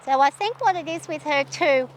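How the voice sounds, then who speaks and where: A woman with a high voice talks while riding outdoors. She is shaky and anxious and keeps talking herself through her nerves. She speaks gently to calm her horse. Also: moderate pace, a little hiss or hum. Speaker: horse rider vlogger.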